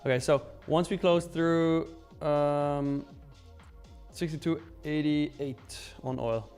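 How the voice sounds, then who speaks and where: A man's voice: a little high, fairly even intonation, slow, a little mellow, clear, resonant tone, soft background music. A man hosting a live trading stream, talking casually and joking as he reads out chat messages.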